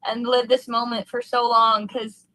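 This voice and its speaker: A young woman pours out her feelings in a post-race interview, her voice high and sharp-edged. She rambles breathlessly with fillers, heartfelt and gushing. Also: flat delivery, a little slow, no echo, rough recording. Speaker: race car driver, interview guest.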